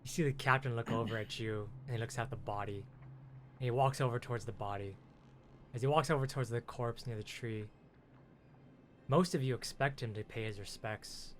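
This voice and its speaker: A young man narrates a tabletop game as game master, in a middle-pitched voice. He tells the story loosely, full of 'kind of' and 'just'. A faint noise sits under the recording.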